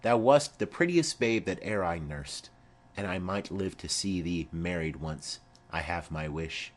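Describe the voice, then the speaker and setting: Brief: man playing a chatty old nurse in an audiobook play, slow and sing-song, low voice. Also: animated. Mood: chuckling fondly. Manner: rambling, garrulous storytelling. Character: chattering old female nurse, rambling and fond.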